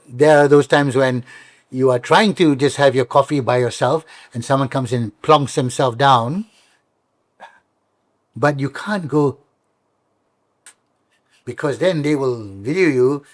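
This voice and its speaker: Brief: middle-aged Malaysian English man, comedian guest, animated storyteller who does voices, dry close sound. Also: medium pitch, unhurried, pauses often, no room sound. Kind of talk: casual interview chat.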